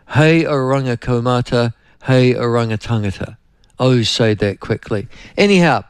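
A man's voice: mid-range voice, clean tone, dry recording. A man with a New Zealand accent hosting a radio talk show, chatting in a rambling, anecdotal way and often turning to his co-host.

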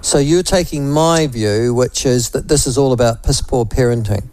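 A man's voice: medium pitch, moderate pace, darkish tone, slight background noise, low-quality recording. A man hosting talk radio, blunt and opinionated, rambling with many fillers and asides. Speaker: radio talk show host.

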